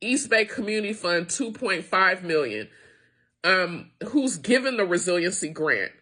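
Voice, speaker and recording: Her voice is on the low side and sing-song, a little slow, with a pushed, bright quality. She is a middle-aged small business owner and founder, frustrated and close to tears as she makes an emotional appeal directly to her viewers.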